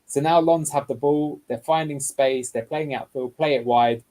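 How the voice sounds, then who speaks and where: A slightly high male voice with a darkish tone speaks at a moderate pace, recorded in low quality. As a guest football analyst in a tactical video breakdown, he explains the match footage by walking through the clips step by step.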